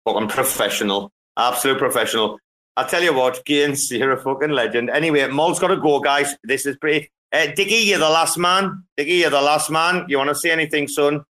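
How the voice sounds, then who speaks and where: A man's voice: fairly high pitch, brisk, bright, forceful tone. Profane, bantering male host. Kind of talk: casual chat.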